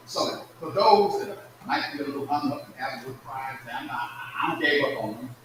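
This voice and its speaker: A man preaching a sermon in a church, calling out to the congregation and swinging from soft murmurs to loud shouts. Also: medium pitch, animated, a little fast, few pauses, a little hiss or hum. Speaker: pastor. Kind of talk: call-and-response sermon. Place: church sanctuary. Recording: echoey distant church livestream recording.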